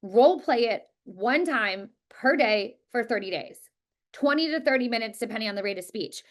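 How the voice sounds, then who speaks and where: A woman teaching a real estate class, talking quickly and emphatically and repeating words for stress. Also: on the high side, expressive. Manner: talks quickly. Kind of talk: live class presentation.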